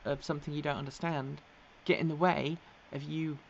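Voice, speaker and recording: A woman's voice: deep voice, fairly even intonation, fairly quick, creaky, muffled recording, a little hiss or hum. An Englishwoman hosting a casual live stream, chatting and reacting to viewer comments with many ums and frequent laughs, her accent sometimes slipping toward American. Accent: English, with occasional American slips. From England. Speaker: host of an electric vehicle news live stream.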